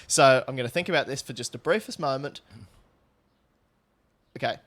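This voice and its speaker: A man's voice: mid-range voice, moderate pace, fairly bright tone. A young man co-hosting a podcast, chatting casually with crude, swearing humour and frequent laughs. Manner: crude, jokey, laughs often, swears freely. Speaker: podcast co-host. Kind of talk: casual comedic chat.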